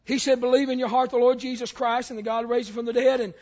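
A man preaching a sermon as pastor, telling stories and stumbling over repeated words before building to loud, emphatic calls. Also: very high-pitched, level tone, quick pace, lo-fi sound.

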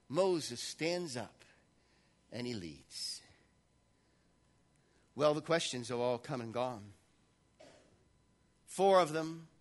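A man preaching a sermon in a church, animated, swinging between loud passages and hushed ones. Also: a little high. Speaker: pastor.

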